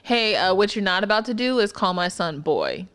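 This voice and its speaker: A woman's voice: mid-range voice, big pitch swings, normal speed, a bit bright, smooth. A young woman co-hosting a podcast, bantering in a loose, joking and profane way. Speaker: podcast co-host. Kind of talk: casual chat.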